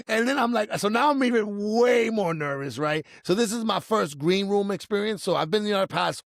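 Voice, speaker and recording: A middle-aged man telling a personal story in casual chat, animated and acting out his own nervous moments. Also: sits high, a little fast, hardly any pauses, no echo, studio quality. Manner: animated, acts out his own past panic in quotes. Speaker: storyteller guest.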